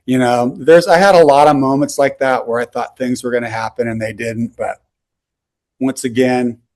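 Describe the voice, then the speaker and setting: A man's voice: mid-range voice, fairly even intonation, moderate pace, a little mellow. An older man, a rock singer, telling rambling stories on a video call with lots of "you know" and "like". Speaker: rock singer, interview guest. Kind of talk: casual storytelling.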